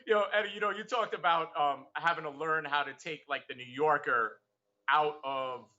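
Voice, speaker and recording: New york podcast host, chatty, sharp bright voice, kinda dull lo-fi sound. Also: male voice, on the high side, moderate pace. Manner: friendly, chatty questions with fillers. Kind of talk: casual podcast interview.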